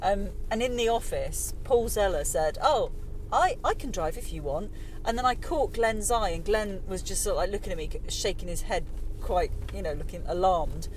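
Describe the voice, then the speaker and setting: A woman's voice: mid-range voice, moderate pace, darkish tone, far from the mic, slight background noise. A woman hosting a casual chat, telling stories and laughing while driving and walking outdoors. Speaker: host.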